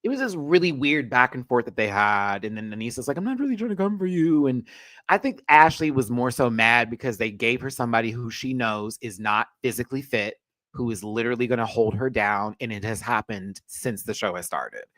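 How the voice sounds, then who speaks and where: A man's voice: medium pitch, fairly quick, bright, forceful tone, no room sound. A man hosting a casual pop culture rant show, chatty, sassy and profane, full of asides.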